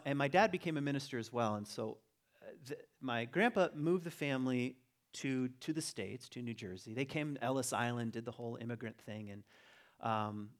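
A middle-aged man with a mid-range voice tells a family story in an unhurried, conversational way. He circles back, restarts phrases and leans on fillers as he talks to a gathered audience. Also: mid-range voice. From Virginia. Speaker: teacher giving a talk. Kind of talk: personal storytelling talk.

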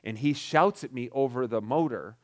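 A middle-aged man telling a personal story in a casual, halting way, with frequent restarts and filler words. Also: medium pitch, a little mellow.

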